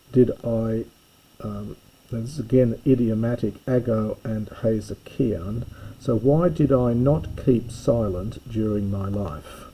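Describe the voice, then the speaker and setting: A man giving a recorded lesson, reading and explaining a Greek text in a slow, methodical way with frequent pauses and fillers. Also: medium pitch, creaky, mellow, slightly rough, poor audio. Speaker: teacher.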